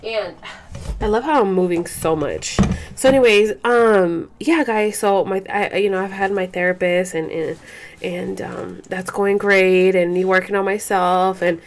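A woman's voice: mid-range voice, steady tone, unhurried. Chatty, profane young woman vlogger. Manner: profane, rambling, code-switches into Spanish; frequent fillers and restarts. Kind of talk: casual chat to camera.

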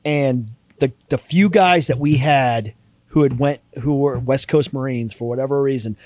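A man's voice: mid-range voice, normal speed, a little mellow, dry recording. A man co-hosting a podcast, a former Marine telling rambling, profane stories. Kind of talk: casual chat.

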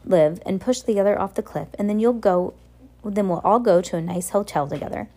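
A scheming, mocking villain coaxes a child with false sweetness. A woman reading a storybook puts him on in a mellow, warm voice. He sounds sly rather than loud. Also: medium pitch, fairly quick, close to an everyday voice. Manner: wheedling, mocking. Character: scheming villainous man, hoarse and sinister.

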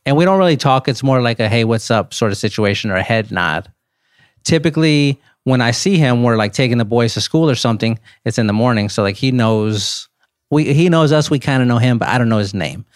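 A man in his thirties, a podcast guest, telling a casual story with animated rises into disbelief. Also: medium pitch, a little fast, no echo, clean studio sound.

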